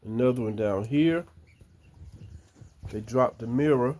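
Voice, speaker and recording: An older man, chatting slowly and fondly to his backyard chickens outdoors. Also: medium pitch, darkish tone. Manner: slow, drawling, talks fondly to the birds. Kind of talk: casual chat talking to his hens. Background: chickens clucking.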